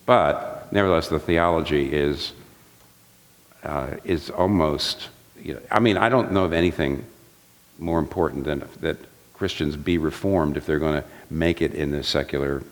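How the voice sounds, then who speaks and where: A man's voice: rumbling low, moderate pace. A man speaking earnestly on a theology panel, often restarting sentences and mimicking others for effect. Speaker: pastor and theologian on a discussion panel. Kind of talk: panel discussion. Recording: long hall reverb.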